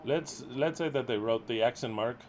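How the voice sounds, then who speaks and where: A middle-aged man leading a ministry, scolding his followers in a profane, exasperated way, swinging from loud outbursts to low muttering. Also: normal speed, a little hiss or hum. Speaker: ministry leader.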